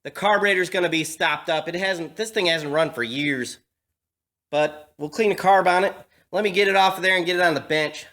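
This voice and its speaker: A man's voice: high-pitched, brisk, pushed and bright. A man vlogging in a garage, telling a story casually with lots of fillers and restarts, recorded on a camera mic. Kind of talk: casual chat.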